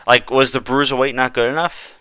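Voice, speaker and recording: Bright-voiced man, casual podcast chat. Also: mid-range voice, level tone, a little fast, smooth, dry recording, clean studio sound. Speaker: podcast co-host.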